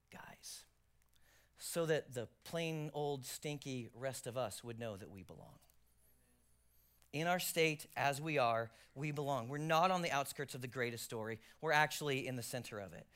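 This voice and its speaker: A male pastor with a voice on the high side preaches a sermon. He swings from loud emphasis to hushed near-whispers and throws in jokey, self-deprecating asides.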